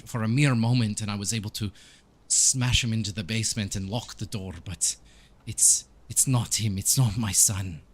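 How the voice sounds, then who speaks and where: A man's voice: fairly low pitch, a bit bright, breathy edge. A man voicing a grieving older male village priest who weeps, stammers and pleads in a raised voice.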